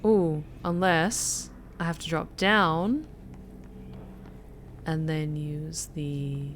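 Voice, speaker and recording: A woman's voice: deep voice, drawn-out words, a little hiss or hum, pitched below the performer's own voice. An Australian streamer talking in a put-on general American accent while she plays a game and greets her viewers. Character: herself in a neutral American accent. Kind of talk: live game stream commentary.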